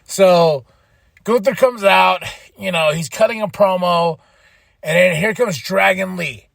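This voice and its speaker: A man hosting a podcast, excitedly recapping a wrestling show in casual chat, laughing and swearing freely. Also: sits high, unhurried, creaky, no echo. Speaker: podcast host.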